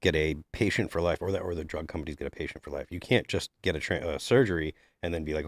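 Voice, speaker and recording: A man's voice: a bass voice, quick pace, few pauses, no echo. A man co-hosting a casual panel discussion, talking earnestly with frequent restarts. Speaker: podcast co-host.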